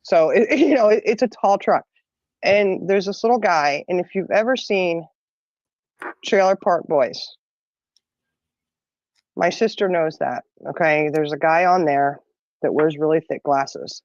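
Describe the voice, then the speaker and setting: A woman's voice: fairly low pitch, a little slow, pauses often, darkish tone, no room sound, lo-fi sound. A middle-aged woman telling a long story in casual chat, rambling and laughing often. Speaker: podcast co-host.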